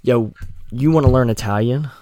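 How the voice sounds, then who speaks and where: A man's voice: mid-range voice, moderate pace, warm tone. A man hosting a podcast, rambling and swearing in casual chat. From North Carolina. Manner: rambling, profane, joking. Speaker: podcast host.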